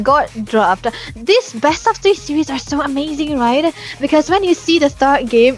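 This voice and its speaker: A woman casting live esports, chatty and excitable, breaking into giggles as she breaks down the game. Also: fairly high pitch. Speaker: esports caster and analyst.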